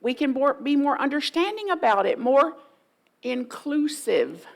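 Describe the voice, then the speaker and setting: A woman's voice: high voice, sing-song, a little slow, gravelly, low-quality recording. A woman pastor giving a folksy, playful sermon in a church, often mimicking voices for humor. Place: church sanctuary.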